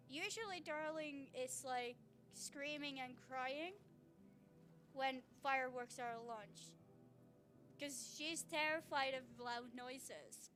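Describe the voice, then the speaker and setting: High-voiced gushing woman streamer. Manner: gushing and excitable, swears, many restarts. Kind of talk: casual live-stream chat. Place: at home. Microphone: streaming setup mic.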